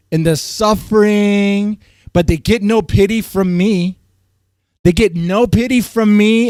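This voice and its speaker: A man streaming live, ranting at his chat in a heated, swinging way, his voice strained and often cleared. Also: no echo, studio quality. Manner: heated, swings from loud outbursts to low muttering. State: voice strained, keeps clearing throat. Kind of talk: ranting livestream commentary to chat.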